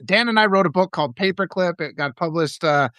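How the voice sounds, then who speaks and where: A middle-aged man hosting a casual live stream, talking in a rambling, animated way with many restarts and laughs. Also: sits high, brisk, dry recording. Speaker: author and live-stream host.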